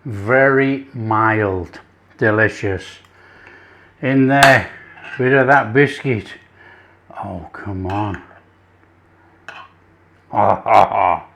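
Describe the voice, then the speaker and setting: In this casual cooking vlog, an English host samples his dish with eager chuckles and savoring noises. His voice sits on the low side, very slow with vocal fry and frequent pauses, a bit bright in tone, with a little hiss or hum in the recording.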